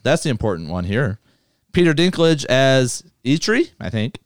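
A man hosting a casual movie podcast, talking loosely with swearing and rattling through a list fast. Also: mid-range voice, big pitch swings, no echo, studio quality. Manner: loose, profane, reads lists quickly. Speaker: podcast host.

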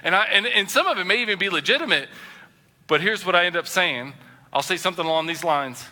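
A man preaching a sermon as a pastor, animated and acting out the voices he quotes. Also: high voice, fast, long reverb tail. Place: church sanctuary.

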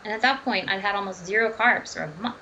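A woman, a dietitian and runner, telling her story as a podcast guest in a chatty, animated way, full of fillers, restarts and laughs. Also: mid-range voice, quick pace, highs cut off, slight background noise. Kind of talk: casual podcast interview storytelling.

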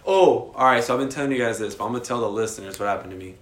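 A young man co-hosting a casual podcast, telling a story with lots of slang and swearing and getting loud and animated at the scary parts. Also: medium pitch, rapid-fire. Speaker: podcast co-host. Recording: echoey room.

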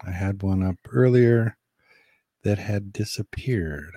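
A man's voice: lowish voice, takes it slowly, dark tone, breathy edge, dry recording. A man who drives a bus, co-hosting a casual chat, easygoing and laughing often, with many fillers. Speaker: podcast co-host, bus driver.

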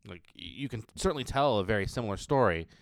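A man's voice: lowish voice, lively intonation, quick pace, dry recording, studio quality. A man in a casual roundtable chat, talking in a rambling, hesitant way with many restarts.

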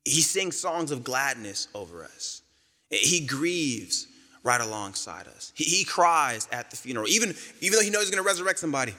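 Male pastor, bright tone, easygoing humorous sermon delivery, big echoing church hall. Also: medium pitch, sing-song. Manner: casual, joking storyteller with quick quoted voices.

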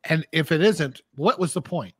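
A man's voice: on the high side, normal speed, fairly bright tone, breathy edge, no echo. A man co-hosting a casual podcast chat, making dry, wry remarks. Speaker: podcast co-host.

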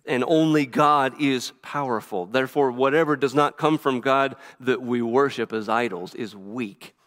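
Fast-preaching male pastor in reverb. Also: mid-range voice, a bit bright. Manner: rapid, earnest preaching with repeated restarts. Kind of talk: sermon. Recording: reverberant hall.

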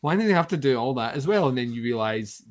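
A man's voice: medium pitch, lively intonation, fast talker. A man co-hosting a casual film chat, rambling, laughing often and swearing freely.

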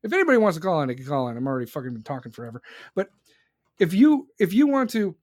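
A young man, his voice a bit higher than most, delivers a heated, profanity-laced rant as a show host. The sound is close and dry, with no room around it. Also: huge pitch swings, very fast, darkish tone, dry recording. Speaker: podcast host. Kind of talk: angry political rant.

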